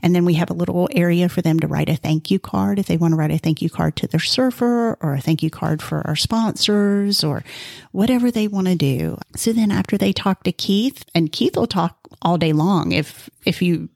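Woman guest, low voice, husky, eager storyteller, restarts often, dry close sound. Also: moderate pace, darkish tone, dry recording. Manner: eager, emotional, many restarts. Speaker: volunteer organizer, guest. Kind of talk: casual interview storytelling.

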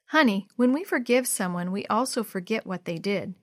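A woman voicing a gentle, patient father in a storybook, reading calmly. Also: medium pitch, normal speed, dry recording, studio quality, close to an everyday voice.

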